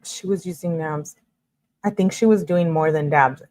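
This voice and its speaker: Low-voiced woman reading texts aloud. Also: moderate pace. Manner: reads messages flatly, reacts with shocked asides. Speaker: true crime commentator.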